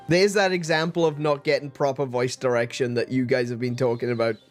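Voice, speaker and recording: A man's voice: mid-range voice, steady tone, normal speed, faint music behind. A man casually commenting on a game playthrough with playful jokes. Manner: joking, playful. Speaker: gaming streamer. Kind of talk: casual let's play commentary.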